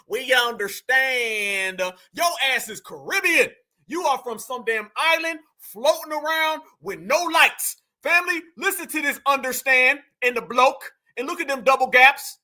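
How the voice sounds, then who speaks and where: Fired-up, high-voiced male commentator. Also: lively intonation, unhurried, sharp tone. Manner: heated, mocking, slangy, addresses viewers as fam. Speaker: commentary channel host. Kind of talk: reaction commentary.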